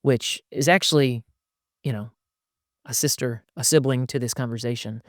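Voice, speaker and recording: A middle-aged father co-hosting a podcast, talking casually and animatedly, slipping into a higher voice to act out talks with his young sons. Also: normal speed, no room sound, clean studio sound.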